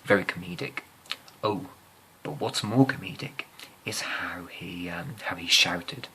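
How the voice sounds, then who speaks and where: Deep, bright-toned young Englishman telling ASMR stories. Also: unhurried, a little hiss or hum, rough recording. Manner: rambling, hesitant, amused. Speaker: ASMR storyteller. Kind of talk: soft-spoken ASMR storytelling.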